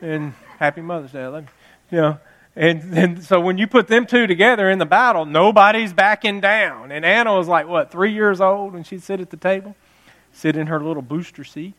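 Brief: pastor in his fifties, high voice, playful storytelling sermon full of laughs. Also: fairly quick. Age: 50s. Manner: jokey, animated, laughs at his own stories. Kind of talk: humorous Mother's Day sermon storytelling.

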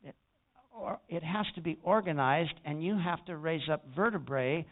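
A man's voice: fairly high pitch, moderate pace. A male pastor preaching a sermon, telling stories and rising to emphatic peaks. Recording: tinny phone-like sound.

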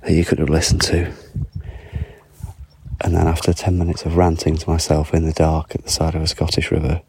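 Low, gravelly man rambling outdoors. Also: completely flat delivery, fairly quick, darkish tone, low-quality recording. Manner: rambling, chatty, self-mocking. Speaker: podcaster. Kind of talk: casual walking podcast monologue. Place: outdoors on a foggy island beach. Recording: outdoor water noise. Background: lapping water.

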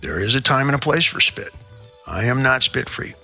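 An older Midwestern show host, heard over soft background music, spins a rambling, theatrical comic rant with abrupt asides. His medium-pitched voice is very animated, creaky, pushed, and bright, at a normal speed.

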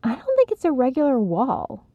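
A woman's voice: high voice, wildly swooping pitch, dry recording, voice pushed up, exaggerated voice. A woman voicing an impatient, demanding young man in a storybook reading. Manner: brisk, frustrated. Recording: slightly dull, dry recording.

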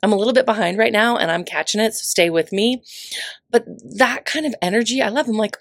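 A middle-aged woman with a raspy voice hosting her own motivational podcast, talking in an effusive, playful way with lots of emphatic repetition. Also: mid-range voice, fast, dry recording, studio quality. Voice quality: raspy, gravelly voice. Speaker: podcast host. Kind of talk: upbeat motivational podcast monologue.

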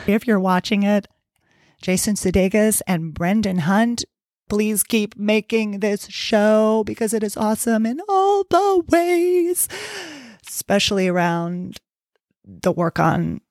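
A woman's voice: lowish voice, no room sound. Chatty woman coach, dry close voice. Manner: chatty, playful, acts out inner voices. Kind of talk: casual podcast talk.

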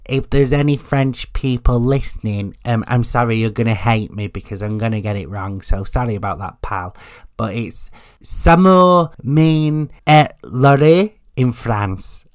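A man's voice: medium pitch, smooth. A man hosts a podcast on his own, chatting casually. He jokes and swears his way through the talk in a mid-range voice. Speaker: podcast host. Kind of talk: casual solo podcast chat.

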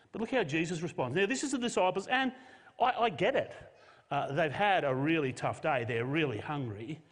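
A man's voice: on the high side, expressive, a little fast. Man preaching in a reverberant hall. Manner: storytelling with jokey modern asides. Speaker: pastor. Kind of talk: sermon.

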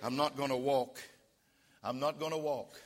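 A man preaching a sermon as pastor, leading the congregation in call-and-response and rising to shouts. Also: medium pitch, fairly even intonation, moderate pace. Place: church sanctuary. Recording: long reverb of a church hall.

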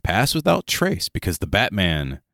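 A man co-hosting a casual tabletop gaming podcast, rambling and joking with quick asides. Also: sits low, huge pitch swings, gravelly, fairly bright tone, dry recording, clean studio sound. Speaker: podcast co-host.

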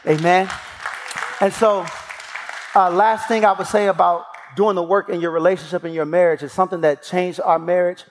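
A man's voice: sits high, steady tone, normal speed, some chatter behind. A man giving a sermon as a guest speaker, telling stories with animation and acting out the voices of people he quotes, in an emphatic preaching cadence. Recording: long church hall reverb.

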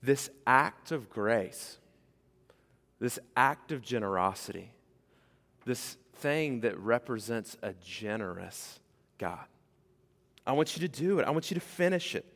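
A man preaching a sermon to his church, animated and conversational, acting out the voices he quotes. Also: mid-range voice, measured pace, gravelly, long pauses, long reverb tail. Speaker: pastor. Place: church sanctuary.

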